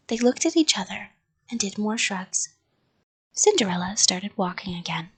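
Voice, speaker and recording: A woman reading a children's story aloud in a soft, half-whispered bedtime voice. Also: medium pitch, lively intonation, moderate pace, breathy edge.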